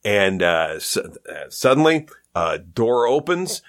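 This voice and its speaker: A Canadian male comedian chats casually in a voice on the low side, speaking slowly. He's an animated storyteller who acts out the quotes in his anecdotes.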